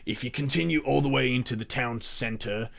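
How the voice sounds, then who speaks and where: Guy putting on a loud rambling town guard, kinda blustery, rough around the edges. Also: medium pitch, fairly quick. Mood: directing. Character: gruff male town gate guard.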